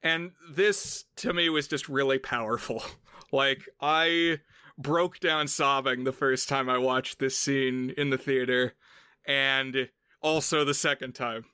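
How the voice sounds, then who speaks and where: A man's voice: medium pitch, fairly even intonation, slow, bright, forceful tone, smooth, no echo, studio quality. A man co-hosting a film podcast, chatting casually and explaining at length with playful asides. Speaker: podcast co-host.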